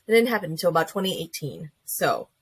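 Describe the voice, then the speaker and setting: A woman's voice: low voice, fast talker, slightly rough. A woman hosting a casual sports podcast, telling stories and acting out quotes. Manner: animated storyteller, acts out quotes. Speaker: podcast host. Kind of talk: casual chat.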